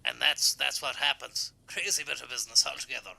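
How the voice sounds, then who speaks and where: A man's voice: medium pitch, fairly quick, vocal fry, sharp tone. A man co-hosting a gaming stream, chatting in a rambling, folksy, joking way. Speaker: stream co-host. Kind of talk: casual gaming stream chat.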